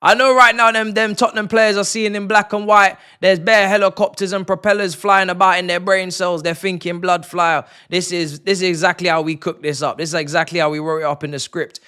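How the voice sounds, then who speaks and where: A young man calls a football match live for his stream, full of slang and repeated phrases. His voice sits high and rings very bright and smooth, dropping to a hush and then bursting into shouts. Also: a little fast, few pauses. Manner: swings from hushed murmuring to excited shouting. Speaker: livestream host of a match watchalong. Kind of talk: live football watchalong commentary.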